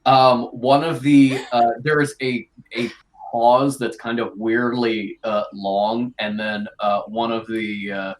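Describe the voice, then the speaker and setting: A man narrating as game master of a tabletop game, halting often with filler sounds. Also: mid-range voice, level tone, poor audio.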